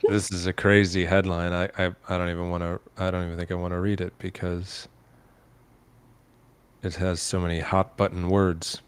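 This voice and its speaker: A man co-hosting a casual podcast chat, reading out headlines in a hesitant, halting way with frequent restarts. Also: sits low, little pitch movement, clear, resonant tone, dry recording. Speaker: podcast co-host.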